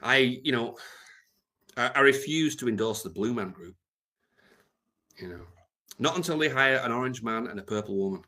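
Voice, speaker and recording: A man hosting a livestream, rambling in a deadpan, mumbling way with lots of ums. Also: medium pitch, moderate pace, pauses often. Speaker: livestream host.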